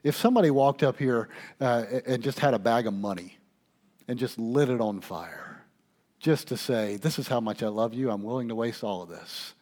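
A male pastor preaching a sermon, asking his listeners questions and swinging between hushed asides and loud emphasis. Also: mid-range voice, moderate pace. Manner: conversational, asks the congregation questions.

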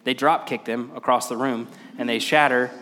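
A man's voice: medium pitch, fairly even intonation, normal speed, bright, forceful tone, a little hiss or hum. A man in his thirties preaching a sermon as pastor, speaking with frequent "uh" fillers and restarts. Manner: hesitant, many "uh" fillers and restarts. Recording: long reverb of a large hall.

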